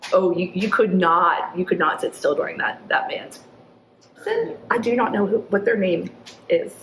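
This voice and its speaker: A chatty woman in her forties tells stories in a somewhat low voice and jumps up high whenever she acts out what others said. She speaks in a roomy, echoing space with a faint hum of ambience behind her. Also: fairly bright tone. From Arkansas, USA. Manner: chatty storyteller, acts out quotes in a high voice, laughs often. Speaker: executive director of a downtown nonprofit, interview guest. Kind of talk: casual interview chat. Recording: echoey room with faint ambient noise.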